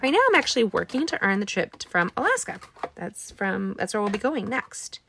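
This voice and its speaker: A woman hosting a live card-making tutorial, chatting warmly with her viewers and reading their comments as she works. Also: medium pitch, very animated, fairly quick, creaky, slight background noise. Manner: bubbly, talks to viewers directly, reads out chat; gets emotional when talking about a late friend. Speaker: card-making instructor and live-stream host.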